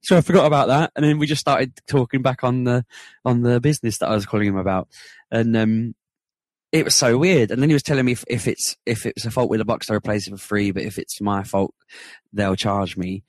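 Fast guy on a podcast, pretty low voice, gets animated telling a story. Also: no room sound. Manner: animated, rising to excited retelling. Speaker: podcast co-host. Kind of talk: casual storytelling chat.

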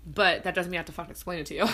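A woman tells a story fast, with a bright and forceful voice. She is animated and acts out the lines of the people in her story. Her pitch sits a little low. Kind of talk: casual storytelling.

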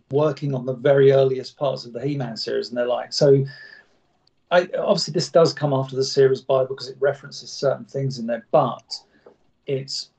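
A man's voice: medium pitch, a little mellow. A man casually chatting and reading an old script aloud, stumbling over words and laughing at his own slips. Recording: dull lo-fi sound.

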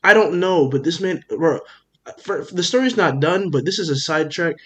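Young male co-host, slightly high voice, profane and animated, rattles off a story with quoted dialogue. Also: normal speed. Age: young adult. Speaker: podcast co-host. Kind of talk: casual storytelling chat.

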